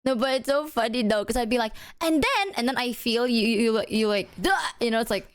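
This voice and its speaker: A young woman in casual chat, telling animated stories, cursing freely and mimicking voices. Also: a little high, quick pace, clean tone. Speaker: streamer.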